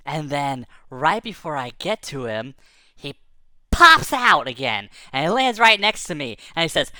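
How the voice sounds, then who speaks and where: A woman tells a silly first-person tall tale for children, rambling along and throwing in playful sound effects. Her voice sits low yet sounds bright and crisp, and her pitch swings widely. The recording is close and dry. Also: sing-song, unhurried, no room sound. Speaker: storyteller.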